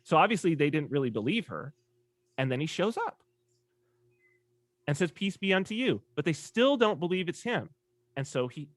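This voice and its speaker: Brief: man, podcast guest, animated storyteller, swinging lively pitch, dry close sound. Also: dry recording. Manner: animated storyteller, acts out quoted voices. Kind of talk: casual conversation.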